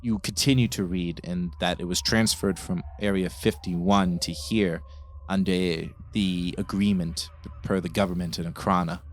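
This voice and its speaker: Deep-voiced man running a tabletop game. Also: fairly even intonation, a little slow. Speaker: game master.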